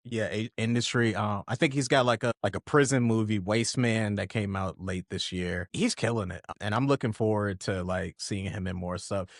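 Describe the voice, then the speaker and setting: A man hosting a podcast in casual chat, animated and swearing for emphasis, with his voice jumping up when he gets excited. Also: lowish voice, normal speed, hardly any pauses, no echo, studio quality. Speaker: podcast host.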